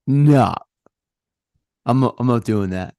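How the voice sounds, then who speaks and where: A young Australian man hosting a casual podcast chat, laughing often and swearing freely in relaxed banter. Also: mid-range voice, slow, creaky, no echo, studio quality. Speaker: podcast host.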